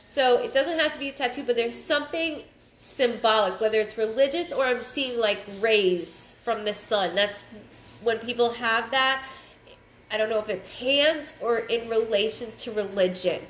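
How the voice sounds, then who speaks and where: A woman giving a live psychic reading, thinking aloud in halting, repeated phrases and sounding stuffed up. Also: fairly high pitch, a bit bright, a little hiss or hum. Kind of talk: livestream reading. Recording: roomy echo.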